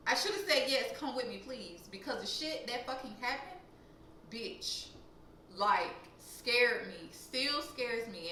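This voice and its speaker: A young woman from Louisiana with a Louisiana accent, telling a profane, animated storytime that jumps high and loud when she gets heated. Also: heavy reverb, far from the mic, slight background noise, rough recording. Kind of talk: casual storytime.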